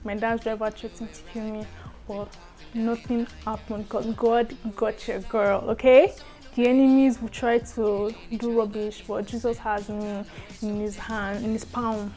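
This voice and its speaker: A young woman tells a storytime vlog, her voice sitting a little high. She talks in an animated way, swinging between loud bursts and hushed asides. Faint music plays under her. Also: unhurried. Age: young adult. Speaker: vlogger.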